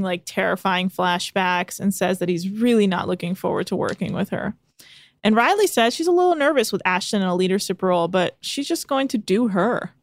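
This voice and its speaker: A woman's voice: medium pitch, dry recording. Chatty sarcastic woman podcaster, dry mic. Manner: chatty, sarcastic, laughs often. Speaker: podcast co-host. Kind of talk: casual chat recapping a reality show.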